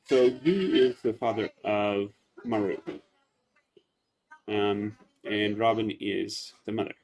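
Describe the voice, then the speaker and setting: Gravelly guy chatting through a farming game, chill and rambly, guitar music behind. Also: fairly low pitch, slow pace. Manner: relaxed, chatty, hesitant. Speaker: let's play host. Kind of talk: casual gameplay commentary.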